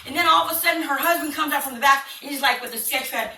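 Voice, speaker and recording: Woman comic, bright slightly high voice, animated storyteller, roomy distant sound. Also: very fast, a little hiss or hum. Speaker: stand-up comedian. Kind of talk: stand-up comedy routine.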